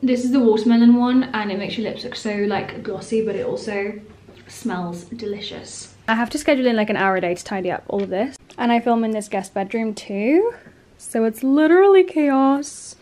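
A woman's voice: a little high, normal speed, darkish tone. A young woman vlogging at home, chatting to camera in a gushing way with many "like"s. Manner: chatty, gushing, says "like" a lot. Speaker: influencer vlogger. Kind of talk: casual vlog chat to camera. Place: bedroom at home, indoors. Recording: echoey room.

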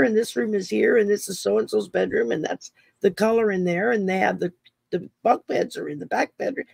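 Gravelly, husky woman telling stories. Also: medium pitch, fairly even intonation, brisk, darkish tone, dry recording. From Texas. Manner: chatty, laughs often while telling stories. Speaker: podcast host. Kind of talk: casual interview storytelling.

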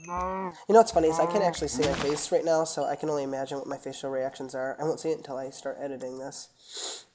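A woman's voice: sits low, steady tone, fast talker, a little mellow. A woman giving casual, rambling gameplay commentary and chatting with her viewers as she plays. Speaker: gaming channel host.

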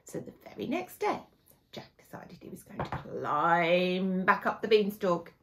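A woman teacher telling a fairy tale to young children, with dramatic, hushed moments. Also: lowish voice, measured pace, a little hiss or hum. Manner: expressive, dramatic, hushed asides.

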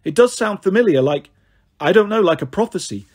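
A man's voice: high voice, expressive, brisk. A man doing a kind, anxious young girl. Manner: gentle, apologetic.

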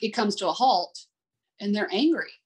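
A woman's voice: mid-range voice, normal speed, breathy edge. A woman working as an adaptive sports swim coach, telling candid, heartfelt stories in an interview. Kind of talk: conversational interview storytelling.

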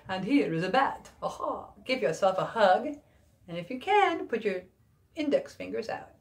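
A woman music therapist leading a preschool class, giving simple, encouraging instructions and mimicking animal sounds. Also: normal speed. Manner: lively, wide swings of pitch and loudness when mimicking animal sounds.

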